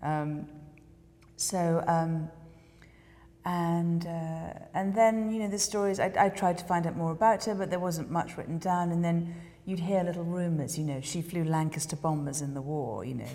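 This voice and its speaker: An English woman, a documentary filmmaker, telling an animated anecdote in a casual interview and acting out quoted voices. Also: fairly low pitch, moderate pace, long reverb tail. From England. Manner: animated storyteller, acts out quoted voices, laughs often.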